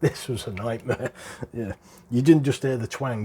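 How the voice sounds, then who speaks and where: A man's voice: medium pitch, unhurried, dark tone, breathy edge. A middle-aged British man with a chatty, explanatory way of talking, walking through a hands-on repair. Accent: British English. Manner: chatty and explanatory, chuckles between points. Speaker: airgun hobbyist presenter. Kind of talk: casual hands-on repair walkthrough.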